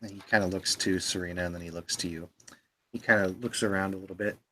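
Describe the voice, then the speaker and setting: A man's voice: deep voice, steady tone, fast, sharp tone. A man narrating as game master, hesitant with many fillers.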